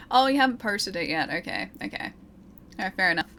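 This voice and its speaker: A woman's voice: medium pitch, very animated, a little fast, a bit bright, slight background noise. A young woman streaming a video game, chatting casually with her viewers and giggling between lines. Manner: chatty, giggly, reads chat aloud. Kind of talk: casual gameplay commentary. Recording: game music playing behind. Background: game music.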